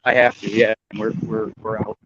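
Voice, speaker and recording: A man's voice: fairly low pitch, level tone, normal speed, a bit bright, lo-fi sound, a little hiss or hum. A man co-hosting a casual chat over an earbud, joking and teasing. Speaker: podcast co-host.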